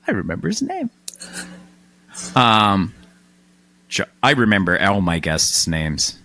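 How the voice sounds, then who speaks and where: Man, podcast host, casual chat, lower voice, animated swings in pitch, dry close sound. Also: no echo. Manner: animated, quick asides, self-deprecating.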